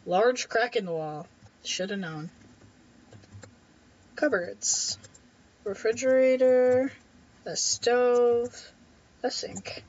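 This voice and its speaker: A woman's voice: on the high side, fairly even intonation, drawn-out words, pauses often, a little mellow, highs cut off. A woman playing a game and chatting through it, wryly reading the on-screen text aloud. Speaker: let's play gamer. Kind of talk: casual gameplay commentary.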